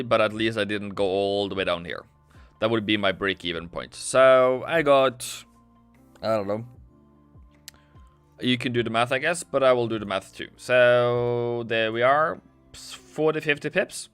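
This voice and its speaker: At a normal speed, a man with a smooth, fairly bright mid-range voice and no room sound hosts a forex trading livestream. He casually talks through charts and reads chat messages as live market commentary, in a dry, close recording with faint background music.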